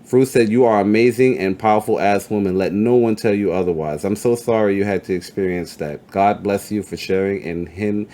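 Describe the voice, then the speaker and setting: A man hosting a casual interview, swearing freely and hyping up his guest while he reads chat comments out loud. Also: fairly low pitch, fairly quick, few pauses. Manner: profane, hype, reads chat comments aloud. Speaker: podcast host. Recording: faint background noise.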